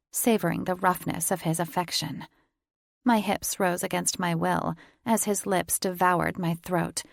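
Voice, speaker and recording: An audiobook narrator reads a first-person romance with an intimate, teasing delivery. Her voice is a little low, with gravelly fry at the edges, recorded close and dry with no room sound.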